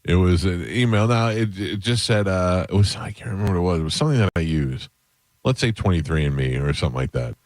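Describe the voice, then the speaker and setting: A man's voice: deep voice, expressive, fast talker, darkish tone, no room sound. A man hosting a radio talk show, telling rambling, self-mocking stories in casual banter into a studio mic.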